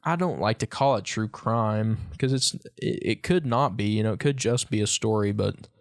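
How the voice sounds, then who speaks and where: A man co-hosting a casual podcast chat about local legends, telling stories in a relaxed, joking way. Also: lowish voice, normal speed. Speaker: podcast co-host.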